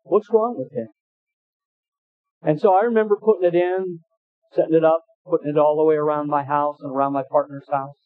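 A man's voice: a little high, no room sound. A male pastor preaching a sermon in a folksy, anecdotal way, often restarting phrases. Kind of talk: sermon with storytelling. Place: church. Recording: tinny phone-like dry sound.

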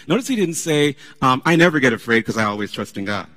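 A man preaching a sermon as pastor, animated and conversational, laughing often as he talks. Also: mid-range voice, fast, in a large hall.

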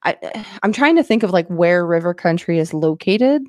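A woman guesting on a podcast in casual chat, hesitant and thinking out loud with frequent laughs. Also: fairly low pitch, expressive, normal speed, no echo, clean studio sound.

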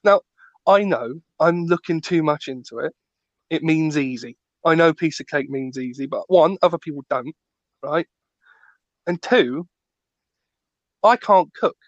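A man's voice: fairly high pitch, a little slow, pauses often, no echo, dull audio. A man co-hosting a podcast, ranting playfully in casual chat and acting out little scenes. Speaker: podcast co-host.

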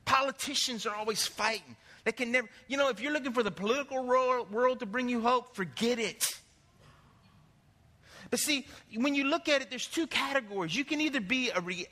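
A man preaching a sermon as pastor, telling lively stories and putting questions to the congregation. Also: very high voice, long reverb tail. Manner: animated storytelling, asks the congregation questions.

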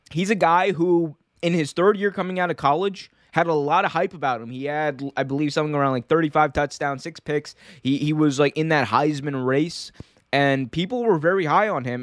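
A young man talks sports in a casual, animated way, firing off opinions and restarting his sentences. His voice is smooth and clear, recorded close and dry with no room sound. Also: medium pitch, no echo. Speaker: sports show host.

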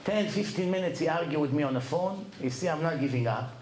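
Lively storytelling lecturer in echoey room. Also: male voice, a little high, fast, a little hiss or hum. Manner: lively storyteller who laughs at his own tales. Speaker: Torah lecturer. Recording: echoey room with faint ambience.

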